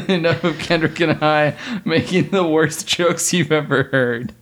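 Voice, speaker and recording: A man's voice: a little high, takes it slowly, a little hiss or hum. A man co-hosting a podcast in casual chat, joking, laughing often and swearing casually. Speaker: podcast co-host.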